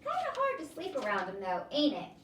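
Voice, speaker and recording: A woman's voice: sits high, wildly swooping pitch, fairly quick, echoey room, far from the mic, noisy background, pitched above the performer's own voice. A woman voicing a laid-back older drifter man with a folksy drawl, reading a storybook aloud.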